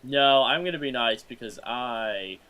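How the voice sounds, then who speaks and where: A tired man who has just woken up, rambling and animated in a casual podcast chat, breaking into little tunes. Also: mid-range voice, measured pace, clean tone, poor audio. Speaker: podcast co-host.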